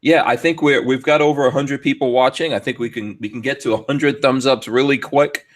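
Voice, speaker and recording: Man hosting a podcast, casual live chat, jokey and upbeat, laughs a lot, mid-pitched voice. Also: fairly quick. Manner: jokey, lively, laughs often. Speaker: podcast host.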